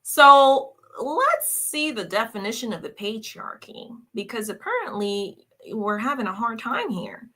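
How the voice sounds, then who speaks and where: A fairly high, bright woman's voice that swings widely up and down. She hosts a reaction commentary and sounds scornful and combative, hammering the same questions again and again. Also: big pitch swings, measured pace, few pauses. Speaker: commentary host reacting to clips.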